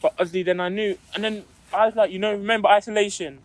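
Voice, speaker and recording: A young man co-hosting a casual podcast tells a school story in a high-pitched voice, speaking quickly with fairly even intonation. He's a storyteller who acts out what people said, voicing the quotes in casual chat.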